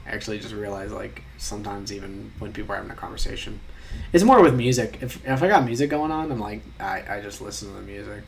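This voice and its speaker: A man's voice: lowish voice, lively intonation, quick pace, creaky, slight background noise. A young man chatting casually while taking online quizzes, reading questions aloud and rambling in mock-outraged asides, sometimes muttering.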